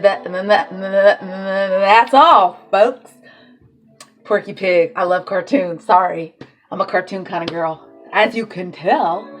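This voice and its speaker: A woman talking casually and with feeling about faith, swearing freely and laughing between thoughts. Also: medium pitch. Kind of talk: casual spiritual monologue.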